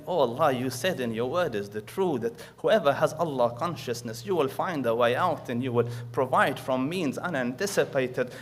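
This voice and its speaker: Man, preacher, storytelling lecture, loud emphasis, hushed prayers, quick recitation. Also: a little high. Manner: rises loud for emphasis, drops soft for quoted prayers; recites Arabic verses quickly.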